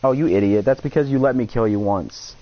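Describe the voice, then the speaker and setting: A man chatting while gaming, excitable and argumentative with a friend. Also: medium pitch, fairly quick. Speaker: gamer on a live broadcast. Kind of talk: casual chat while gaming. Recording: muffled lo-fi audio.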